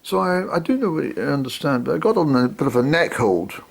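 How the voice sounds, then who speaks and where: A man telling a rambling comic story, hesitating with lots of ums, in a raspy, creaky voice. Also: a little high, big pitch swings, a little fast.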